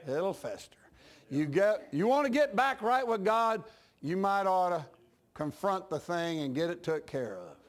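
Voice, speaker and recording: Male pastor, high and lively voice, folksy preaching with acted-out dialogue. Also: measured pace. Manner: folksy storytelling preacher, acts out dialogue, laughs at his own jokes. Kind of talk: sermon.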